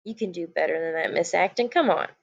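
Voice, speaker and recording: A woman's voice: on the low side, fast, gravelly. Lady teacher doing a goofy recorded lesson, kinda muffled computer mic. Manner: playful, animated teacher talk with jokes. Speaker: elementary school teacher.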